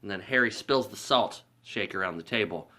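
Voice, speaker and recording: A man's voice: lowish voice, moderate pace, pushed and bright. A man giving a casual movie recap as a reviewer, rambling and profane, with lots of filler words.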